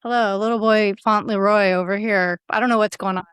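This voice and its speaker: A middle-aged woman chatting as a guest comedian, lively and quick to laugh as she tells stories. Her voice sits in a middle range and sounds dry and close, with no room around it. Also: mid-range voice, clear, resonant tone, no room sound. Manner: animated, laughing storyteller. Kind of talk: casual podcast chat.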